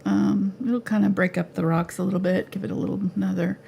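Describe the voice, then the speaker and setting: A woman with a gravelly, creaky voice talks through a live painting lesson in a home studio. She is relaxed and chatty, and her voice is going hoarse from coughing. A faint hiss of noise sits under the recording. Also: medium pitch, fast. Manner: relaxed, chatty, laughs easily. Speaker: painting instructor.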